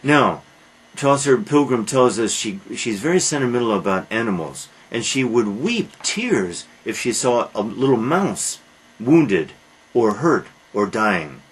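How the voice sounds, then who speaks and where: A man's voice: mid-range voice, husky, poor audio. A man lecturing on literature to a class, asking rhetorical questions and answering them himself, with frequent uhs.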